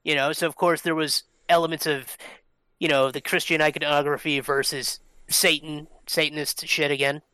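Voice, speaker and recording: A man's voice: fairly high pitch, flat delivery, moderate pace, sharp tone, smooth, no echo. A man co-hosting a podcast, explaining things at length in a loose, casual way, with lots of fillers and the odd swear word. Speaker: podcast co-host. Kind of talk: casual chat.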